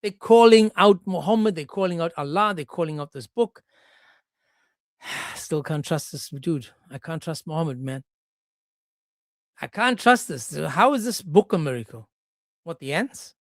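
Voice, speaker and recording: Sarcastic, animated male streamer. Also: fairly high pitch, measured pace, pauses often, dry recording, clean studio sound. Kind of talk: casual livestream commentary.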